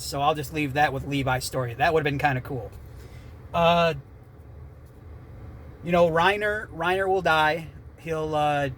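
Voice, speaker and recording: A man giving an off-the-cuff, rambling rant about an anime ending, swinging between loud outbursts and quieter muttering. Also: fairly high pitch, a little hiss or hum. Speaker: anime commentator.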